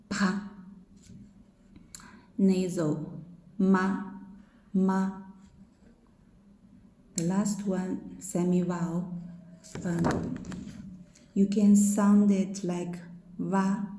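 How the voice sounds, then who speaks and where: A woman's voice: fairly low pitch, warm tone, echoey room, poor audio. A woman teaching a pronunciation lesson, explaining each sound and repeating syllables for the learner to copy. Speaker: language teacher.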